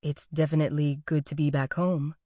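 A woman voicing a sly young Brazilian man with a Brazilian accent, speaking low and hushed. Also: little pitch movement, fairly quick, no room sound, clean studio sound, close to an everyday voice. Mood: evasive.

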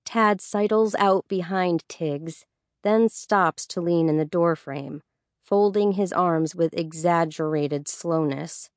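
A woman narrates a story with a steady, even delivery. Her voice is fairly low for a woman. The recording is dry and close, with no room sound. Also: takes it slowly, no room sound. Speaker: audiobook narrator. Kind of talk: scripted narration.

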